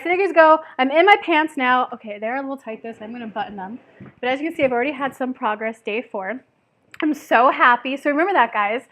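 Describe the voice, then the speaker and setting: A woman's voice: sits high, a bit bright. A young woman from Tennessee, chatting casually and bubbly to camera about her weight loss, with many fillers and laughs.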